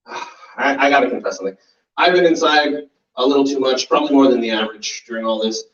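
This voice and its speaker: A man in his forties doing a profane stand-up set, with laugh and voice impressions. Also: mid-range voice. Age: 40s. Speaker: stand-up comedian. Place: small comedy club basement. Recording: roomy, distant, muffled live recording.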